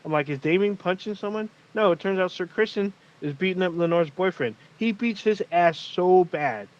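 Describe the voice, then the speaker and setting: Animated, profane man with a higher voice. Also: normal speed. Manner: animated, profane storytelling with acted quotes. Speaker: podcast co-host. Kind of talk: casual recap of a TV episode. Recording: muffled lo-fi audio.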